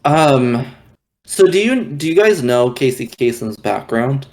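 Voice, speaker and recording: A man's voice: medium pitch, expressive, measured pace, darkish tone. A man co-hosting a casual film review chat, hesitant, with many "um"s and "uh"s. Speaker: podcast co-host reviewing a film.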